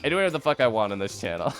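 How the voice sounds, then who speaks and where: A man from the Midwest, hoarse, chatting casually and profanely on a livestream. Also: mid-range voice. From American Midwest. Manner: loose, profane and chatty with frequent laughs. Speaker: streamer.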